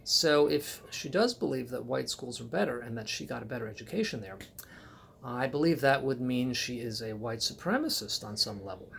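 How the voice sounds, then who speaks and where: Gravelly man with halting, dry commentary. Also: medium pitch, lively intonation, a bit bright, slight background noise. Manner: halting, frequent um and uh pauses. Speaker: political commentator. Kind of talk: solo spoken commentary.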